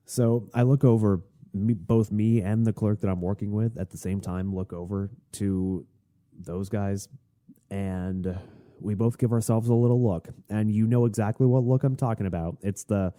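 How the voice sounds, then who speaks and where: A man's voice: sits low, moderate pace, dark tone. A man hosting a podcast, telling a rambling, wry story in a casual rant without a Southern accent. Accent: none, not Southern. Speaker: podcast host.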